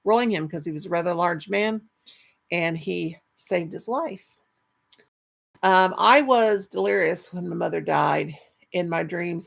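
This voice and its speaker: A woman's voice: lowish voice, vocal fry, husky. A middle-aged woman hosting a casual live stream, reading chat and rambling fondly with many restarts. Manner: chatty, affectionate, rambling with restarts.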